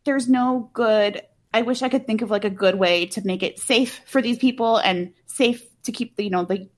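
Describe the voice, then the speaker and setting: A woman with a voice on the high side, speaking at normal speed, co-hosts a casual true-crime podcast. She talks bluntly, swearing and using lots of filler words.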